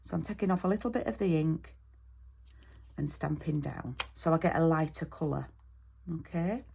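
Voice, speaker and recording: A woman's voice: sits low, moderate pace, creaky, warm tone, breathy edge. A British woman demonstrating card making in an online class, chatty and step by step, checking in with "okay?" as she goes.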